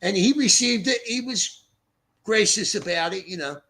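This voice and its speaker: A man's voice: high voice, animated, normal speed, pushed and bright. An older man from Philadelphia hosting a livestream, chatting in a blunt, profane, rambling way. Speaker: livestream host. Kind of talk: rambling casual livestream chat. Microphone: streaming setup mic.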